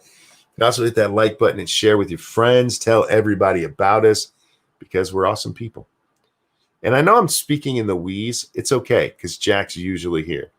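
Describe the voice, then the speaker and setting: An older American man with a deep, low-pitched voice that swings widely in pitch as he talks. He hosts a solo live stream in a loose, rambling way, swearing freely and answering viewer chat as it comes in. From United States. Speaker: show host reading live chat.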